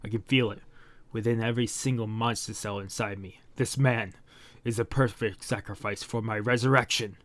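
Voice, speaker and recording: A man's voice: fairly low pitch, steady tone, moderate pace, no room sound, lightly acted. A man voicing a menacing, massive male monster king who speaks in a formal, haughty way while reading a manga aloud.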